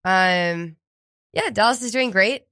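A woman's voice: mid-range voice, takes it slowly, bright, forceful tone, no room sound, studio quality. A woman co-hosting a community radio crime show, a bit congested from a cold, telling stories in a bubbly, casual way. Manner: bubbly storyteller, acts out quotes. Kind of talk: casual chat.

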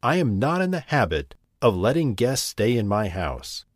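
A man's voice: medium pitch, big pitch swings, normal speed, no room sound, clean studio sound. A man voicing a fussy, tidy little female house mouse in a storybook reading, prim and scolding. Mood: stern.

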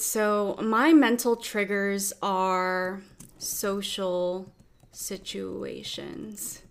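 A young adult woman, a self-empowerment coach, talking openly through a workbook, reflective with wry dark humor. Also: mid-range voice. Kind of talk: casual workbook walk-through.

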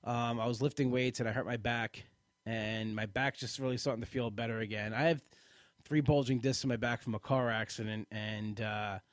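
A man's voice: mid-range voice, fairly even intonation, normal speed, no room sound, clean studio sound. Tired, rambling man hosting a podcast. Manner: chatty, self-deprecating, rambling with restarts. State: tired, yawning. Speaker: podcast host. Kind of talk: casual live podcast chat.

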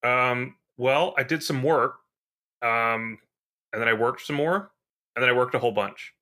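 A man's voice: medium pitch, unhurried, bright, forceful tone. A man co-hosting a podcast, chiming in with dry, teasing remarks in casual chat. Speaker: podcast co-host.

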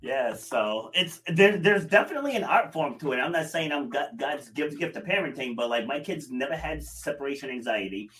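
A middle-aged man coaching clients, speaking in a bright, ringing voice. He talks casually, tells family stories, and often laughs as he speaks. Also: fairly high pitch, animated, brisk, hardly any pauses. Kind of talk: casual conversation.

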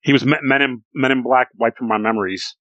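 A man's voice: mid-range voice, a little fast, a bit bright, no echo, highs cut off. Male podcast co-host, casual rambling wrestling talk, swears a lot, dry close sound. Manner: swears freely, rambling with restarts.

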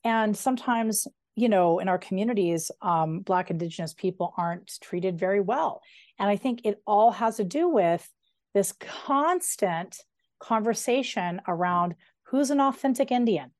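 A woman in her forties, an author being interviewed, talking in an animated, chatty way with playful asides. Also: medium pitch, a little slow, no echo, studio quality. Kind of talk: conversational interview.

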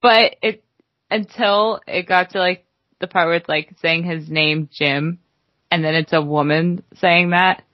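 A woman co-hosting a casual podcast, animated and giggly, joking around with her co-host. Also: lowish voice, measured pace, no echo, lo-fi sound. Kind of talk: casual chat.

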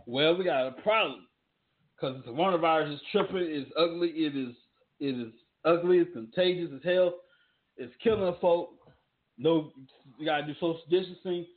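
A man rambles through wrestling talk and ad reads in an emphatic, loose way. His voice sits a little high. The audio is thin and tinny, like it came over a phone line. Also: normal speed. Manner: loose, emphatic, repetitive rhetorical questions. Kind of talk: casual commentary with ad reads.

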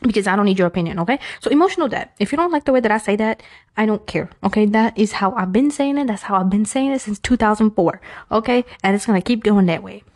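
New York-accented woman, frank chatty advice talker with self-aware humor, mellow tone, medium pitch. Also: fast. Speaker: advice speaker. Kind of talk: casual Islamic advice talk.

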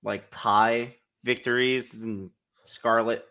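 Slow halting man, bright tone. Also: mid-range voice, level tone. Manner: hesitant, halting with "uh"s. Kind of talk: casual wrestling chat.

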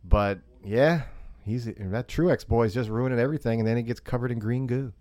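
A man cohosting a podcast, teasing his partner with deadpan jokes. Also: mid-range voice, normal speed, no room sound. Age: 30s or 40s. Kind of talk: casual podcast chat.

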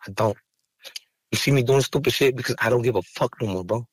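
A man's voice: mid-range voice, a little fast, breathy edge, dry recording. Podcast guest: man, heated and profane, dry close studio sound. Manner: raw, angry, profane, rising to heated outbursts. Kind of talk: emotional interview talk.

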